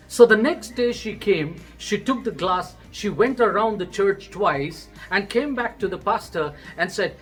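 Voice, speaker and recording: A man's voice: sits high, soft background music, low-quality recording. Man with an Indian accent telling a devotional story. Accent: Indian English. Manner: calm, measured storytelling with acted quotes. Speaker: preacher giving a morning devotion.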